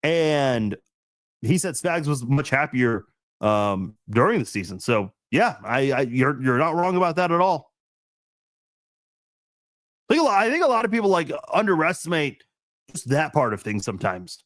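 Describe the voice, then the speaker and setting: A man's voice: on the high side, big pitch swings, normal speed, a bit bright, dry recording. Laid-back man rambling on a dry live stream. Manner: rambling, laid-back, laughs often, many fillers and restarts. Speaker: live-stream host answering chat. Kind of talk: casual live-stream chat.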